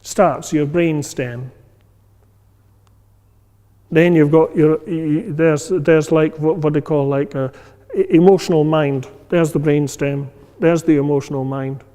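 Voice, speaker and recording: Speaking at a measured pace, a meditation teacher with a mellow, slightly high male voice gives a casual class talk. He's conversational and filler-heavy, acts out inner voices, and frequently checks that listeners are following, while a long hall-like reverb trails each phrase.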